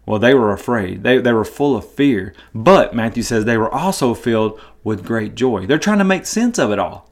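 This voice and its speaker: A man's voice: fairly low pitch, moderate pace. Man with a drawl teaching Bible. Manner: conversational, repeats words, animated retelling. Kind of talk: casual Bible teaching podcast.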